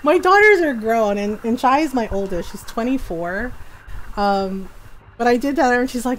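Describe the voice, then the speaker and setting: Woman in her 40s streaming a game, laughs a lot telling stories, a bit high, faint hiss behind. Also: lively intonation, normal speed, rough recording. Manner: giggly storytelling. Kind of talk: casual gameplay chat.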